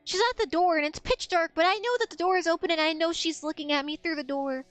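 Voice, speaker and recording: A young woman streamer telling an animated, profane story in casual chat. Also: extremely high pitch, quick pace, dry recording, faint music behind.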